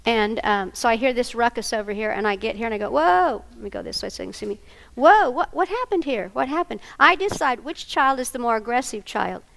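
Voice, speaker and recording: Animated woman, gravelly edge. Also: on the high side, fast, hardly any pauses, poor audio. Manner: animated, acts out scenes with volunteers. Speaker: workshop presenter. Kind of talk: training workshop talk. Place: conference room before an audience.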